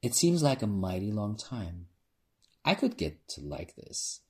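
A dry, knowing drag queen with a husky edge, purring her lines in a lively, swooping voice, as a man reading a story puts her on. She talks down to people with fond, teasing ease. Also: on the low side, measured pace, full character voice. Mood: sultry. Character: sharp-tongued adult drag queen woman.

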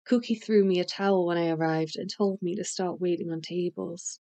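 A woman narrating a first-person audiobook in a measured, unhurried way. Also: fairly low pitch, fairly even intonation, warm tone.

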